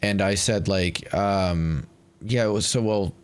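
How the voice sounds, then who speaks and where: A man's voice: low-pitched, slow pace, clear, resonant tone. A man, chatting and ranting to his stream while playing a game, swearing often. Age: 30s. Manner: ranting, exasperated, swears freely. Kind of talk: casual chat while gaming.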